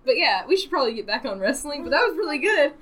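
A woman telling a funny story in casual chat with friends, swearing freely and getting loud at the punchlines. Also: high voice, sing-song, quick pace.

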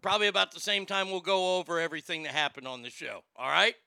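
A man's voice: high voice, lively intonation, quick pace, creaky, pushed and bright, clear, resonant tone, dry recording. A man hosting a casual podcast chat, brash, joking and profane. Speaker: host.

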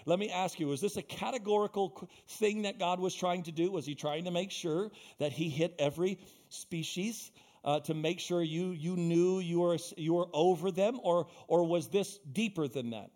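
A man's voice: high-pitched, moderate pace, a little mellow. A male pastor preaching a sermon in a church, building into fervent, repetitive exhortation.

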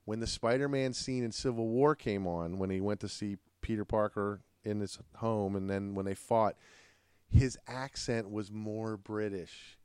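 A middle-aged man, a father hosting a family podcast, chatting casually, animated and joking. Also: lowish voice, a little slow, smooth, dry recording, studio quality. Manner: animated, joking, laughs often.

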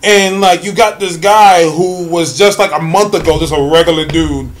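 A man's voice: a little high, normal speed. A man co-hosting a casual podcast, telling stories animatedly and acting out quotes with laughs. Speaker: podcast co-host.

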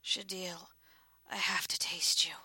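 A woman playing a ravenous female vampire, her words coming as tight, urgent whispers. The voice sits low and narrow in range, and the recording is dry and close. It is a storybook figure with a possessive edge. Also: level tone, slow pace, sharp tone, breathy edge, no echo, heavily acted. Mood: aching hunger.

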